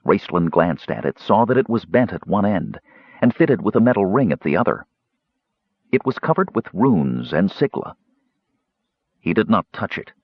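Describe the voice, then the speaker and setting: A man narrating a fantasy audiobook in a measured, expressive storytelling manner. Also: low-pitched, breathy edge, no room sound, dull audio.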